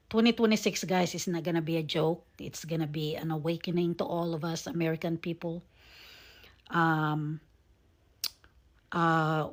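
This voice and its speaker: Slow, low-voiced woman, emotional and halting. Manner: earnest and emotional, halting with many fillers. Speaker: vlogger. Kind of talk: casual talk to camera.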